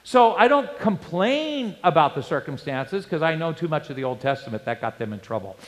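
A male pastor preaching a sermon, animated and storytelling, with rhetorical questions to the congregation. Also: fairly high pitch, moderate pace. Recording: long hall reverb.

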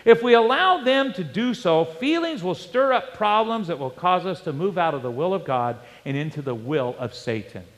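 Preacher in a reverberant hall. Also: male voice, sits high, normal speed, hardly any pauses. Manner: animated storytelling preacher, rhetorical questions. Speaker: pastor. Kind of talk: sermon.

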